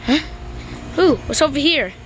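A woman improvising a game role-play, excitable, gasping and yelling at surprises. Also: high-pitched, moderate pace, slight background noise. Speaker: player.

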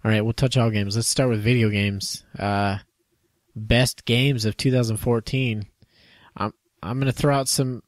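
Male podcast co-host, casual and jokey, average pitch, dead-dry close mic. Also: fairly even intonation, measured pace, no echo. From United States. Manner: joking, laughs often, trails off and restarts. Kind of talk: casual chat.

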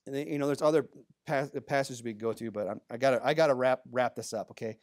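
A pastor preaching a sermon in a church, talking conversationally with many asides, moving between emphatic bursts and low, quiet remarks. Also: male voice, fast talker. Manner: conversational, full of "you know" asides.

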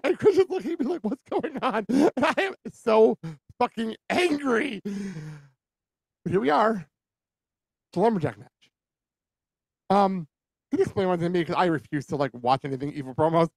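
A man co-hosting a casual podcast, ranting excitedly with lots of laughter and swearing. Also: high-pitched, normal speed, gravelly, long pauses, breathy edge, no echo. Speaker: podcast co-host. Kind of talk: casual wrestling chat.

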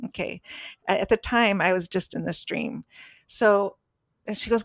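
Earnest woman on a podcast telling a story, middle pitch, dry sound. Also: a little slow, pauses often, no room sound. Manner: earnest, emphatic, acts out voices in stories. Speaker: podcast co-host. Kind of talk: casual podcast chat, personal storytelling.

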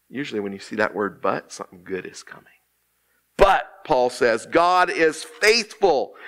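Preaching man with slowed, dramatic emphasis. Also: medium pitch, vocal fry, a bit bright. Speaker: associate minister. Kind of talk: sermon. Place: church sanctuary.

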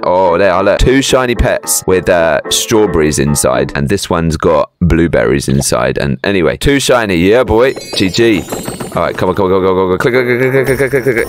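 Young guy yelling through a game, hyped and repeating himself, faint music under it. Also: on the low side. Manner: fast, repetitive, hyped-up chatter. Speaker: gaming YouTuber. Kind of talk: excited game commentary.

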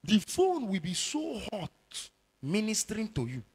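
Husky Nigerian preacher, loud and animated. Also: male voice, a little slow. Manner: swings from low murmurs to shouted warnings. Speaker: evangelist preacher. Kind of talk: sermon. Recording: long hall reverb.

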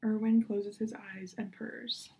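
Gravelly-voiced woman reading a storybook aloud. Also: mid-range voice, level tone, takes it slowly, background noise. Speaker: children's librarian. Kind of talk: reading a children's novel aloud.

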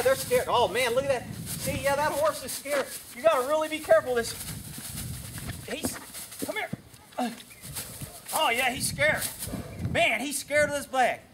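High-voiced guy training horses outside, brash and sarcastic, faint noise behind. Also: a bit bright. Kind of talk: blunt instructional vlog talk.

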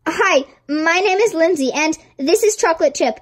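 A woman's voice: very high voice, animated, normal speed. A young woman acting out several students in a home-made skit, switching between playful put-on voices. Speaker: amateur actor playing several students and a principal.

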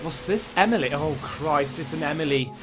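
A man's voice: on the high side, animated, normal speed. A man talking to himself while playing a horror game, jumpy and swearing as he goes. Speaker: gaming YouTuber. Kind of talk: horror game let's play commentary. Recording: game music underneath. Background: spooky game music.

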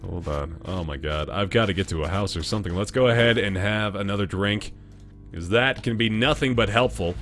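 A man doing live gameplay commentary, joking with chat, thanking viewers and yelling when startled. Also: fairly low pitch, brisk, soft background music. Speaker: gaming livestreamer.

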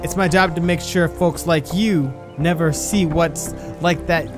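A man reading the lines of a stern small-town cop who speaks in a slow, measured, ominous way. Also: on the high side, fairly even intonation, over music, natural voice. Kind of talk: reading game dialogue aloud.

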